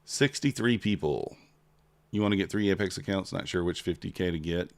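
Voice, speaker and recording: A man's voice: low voice, brisk, vocal fry, no room sound. A man hosting a casual trading livestream, chatting with viewers and counting down a giveaway.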